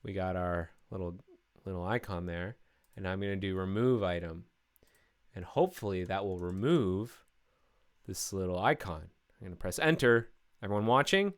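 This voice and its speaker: A man's voice: low-pitched, moderate pace, clean tone. A man live-streaming his coding work, talking through each step casually with many fillers and restarts.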